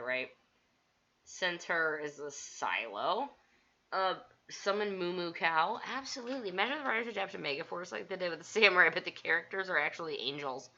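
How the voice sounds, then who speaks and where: A woman hosting a casual livestream from a home studio, rambling excitedly and laughing often. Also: lowish voice, dull audio. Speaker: livestream host. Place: home studio with green screen.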